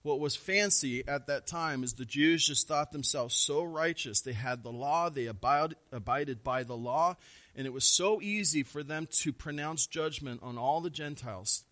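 A pastor in his thirties delivers a sermon in a bright, forceful, slightly high voice. He drives hard on emphatic words and doubles words as he presses a point. Then he drops to a low, quiet tone to let it land. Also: moderate pace. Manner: preaching, rising to emphatic stresses, then dropping low and quiet.

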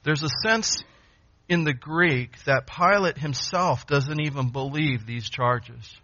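A man delivers an expository sermon in a bright, forceful voice that sits a little high. He presses his points with repetition and rhetorical questions, and the recording sounds dull and lo-fi. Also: slow. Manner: emphatic, repeats phrases and asks rhetorical questions. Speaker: preacher.

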